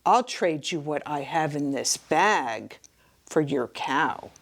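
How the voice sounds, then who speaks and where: A woman voicing a sly old fox in a children's picture book story, speaking low and slow. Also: animated, exaggerated voice.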